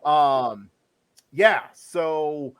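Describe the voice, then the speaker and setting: A man's voice: on the high side, extremely slow, smooth. Joking man hosting a podcast. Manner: joking, leads the discussion. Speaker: podcast host. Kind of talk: casual podcast chat.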